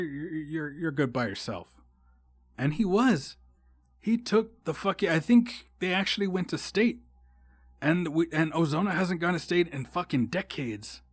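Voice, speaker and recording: A man's voice: medium pitch, no echo. A young man hosting a solo podcast, rambling and swearing a lot with frequent restarts. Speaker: podcast host. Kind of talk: casual solo podcast monologue.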